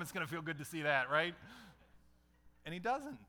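A man's voice: high voice, normal speed, bright, forceful tone. A middle-aged man preaching a conversational sermon as a pastor, putting questions to his listeners.

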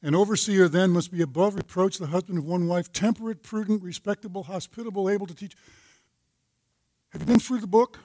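High-voiced older man teaching a men's Bible study. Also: fairly even intonation, brisk, mellow, no echo. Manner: storytelling, folksy, with scripture references. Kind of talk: sermon-style teaching.

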